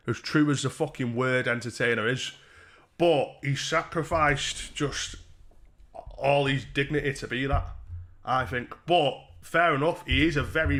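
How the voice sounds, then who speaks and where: Seated indoors beneath a bright light, a man hosting a live stream trades crude, laddish banter and swears bluntly as donations come in. His voice is mid-range with a fairly bright tone.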